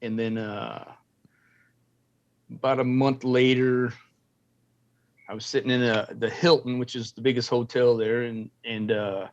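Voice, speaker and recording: A man's voice: medium pitch, a little slow, long pauses, highs cut off. Profane storytelling ex-Marine man. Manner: profane, animated storyteller acting out quotes. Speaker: guest, former Marine and film military advisor. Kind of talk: casual storytelling interview.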